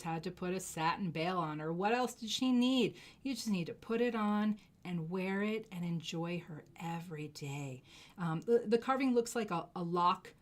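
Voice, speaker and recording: A woman hosting a live jewelry sales stream, gushing effusively over each piece and dropping into soft asides. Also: fairly low pitch. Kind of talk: live shopping stream presentation.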